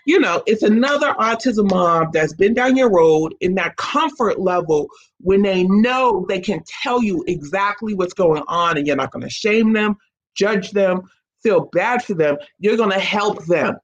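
Speaking unhurriedly in an expressive, medium-pitched voice, this guest is an autism mom sharing her story in casual conversation. She tells it energetically, acting out voices of those she quotes, though the recording is muffled.

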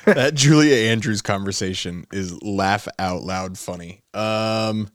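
A man's voice: lowish voice, takes it slowly, no echo. Easygoing man co-hosting a podcast, dry sound. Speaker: podcast co-host. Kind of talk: casual chat.

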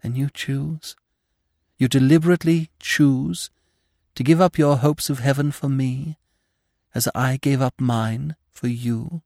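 A man's voice: mid-range voice, fairly even intonation, a little slow, gravelly, darkish tone, no echo, clean studio sound, voice pushed up. A man reading the lines of a ghostly young woman, a witch burned long ago and a devoted lover, with a tender, pleading manner. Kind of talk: dramatic audiobook reading.

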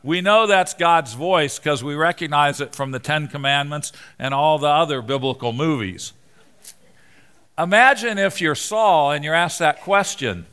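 A man preaching a sermon in a church, animated and conversational, joking with the congregation. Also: a little high, measured pace, clear, resonant tone. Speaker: preacher, Bible teacher.

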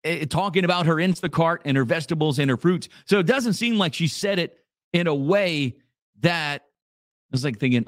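A man's voice: fairly high pitch, lively intonation, a little fast, no echo, clean studio sound. A man hosting a radio show, chatting casually in a rambling, jokey way. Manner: rambling, jokey, repeats himself.

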